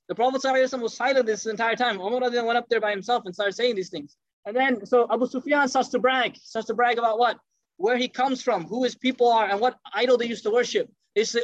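A man telling a story in a lively sermon, acting out the quoted speech and mixing in Arabic phrases. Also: very high-pitched, dry recording. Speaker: preacher. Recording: dull, dry lo-fi sound.

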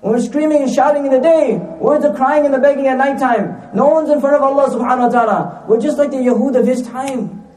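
A man's voice: very high voice, fast, darkish tone, reverberant, far from the mic, slight background noise, poor audio. A man preaching a sermon, repeating lines for emphasis, asking rhetorical questions and mixing in recited Arabic phrases.

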